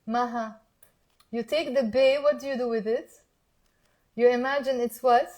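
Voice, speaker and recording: A Lebanese woman teaching her dialect in a live online lesson, in English with Arabic words, coaxing viewers to repeat after her and slowing down to spell words out. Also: fairly high pitch, steady tone, darkish tone.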